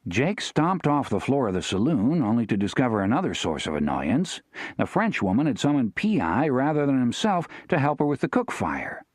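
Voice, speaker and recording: A man narrating a western novel as an audiobook, telling the story in a steady, expressive way. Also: medium pitch, normal speed, no room sound, clean studio sound.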